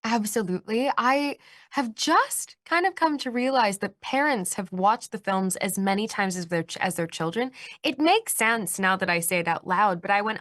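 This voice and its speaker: A woman's voice: mid-range voice, moderate pace, no room sound. Bubbly young woman in a dry interview. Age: 20s. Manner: bubbly, animated, laughs often. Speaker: actress being interviewed. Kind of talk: press interview.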